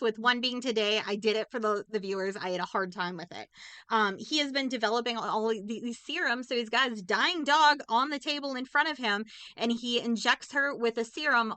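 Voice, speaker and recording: A woman's voice: a little high, pushed and bright, clear, resonant tone, no room sound. A woman co-hosting a casual movie review podcast, giving an emotional, rambling recap of a film and swearing often. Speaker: podcast co-host.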